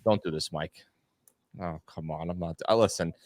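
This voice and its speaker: A man appears as a guest fan analyst on a casual podcast, rambling and repeating words as he goes and growing animated when excited. His voice sits low, he talks at a normal speed, and there's no echo.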